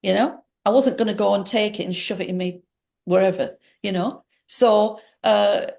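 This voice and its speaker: Gravelly woman telling a personal story. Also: mid-range voice, normal speed, darkish tone. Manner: rambling, emphatic, with many restarts. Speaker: interview guest. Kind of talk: personal story told in conversation.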